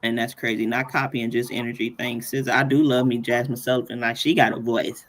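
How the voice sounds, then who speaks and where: A man's voice: medium pitch, level tone, fairly quick, a bit bright. A man hosting a casual live tutorial, chatty and playful, often laughing between points. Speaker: workshop host.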